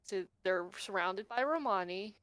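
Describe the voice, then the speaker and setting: A woman co-hosting a casual podcast, retelling film scenes in an animated way and swearing freely as she goes. Her voice sits at an ordinary middle pitch. It sounds dry and close, with no room echo. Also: a little slow, clear, resonant tone. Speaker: podcast co-host.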